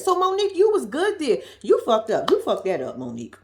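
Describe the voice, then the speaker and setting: A woman's voice: on the high side, huge pitch swings, fairly quick. A woman recaps a reality TV episode in casual commentary, blunt and profane. She repeats her points for emphasis, and her voice swings widely up and down as she talks.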